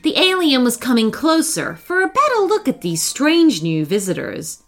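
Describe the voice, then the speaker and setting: A woman reading a children's bedtime story aloud, slow and expressive. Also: high-pitched. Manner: slow, sing-song, expressive.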